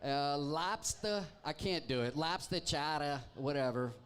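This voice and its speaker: Wry male trivia host, higher voice. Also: expressive, measured pace, fairly bright tone, clear, resonant tone. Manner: wry, joking, teasing the crowd. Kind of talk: live pub trivia hosting. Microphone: handheld microphone.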